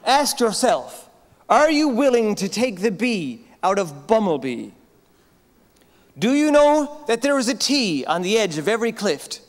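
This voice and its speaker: Hosting an awards show live on stage, this Newfoundland comic delivers a stand-up monologue that echoes around a big armoury hall. He's male, high-pitched and very animated, yet keeps a measured pace. Chatty throughout, he tacks "right?" onto his lines again and again.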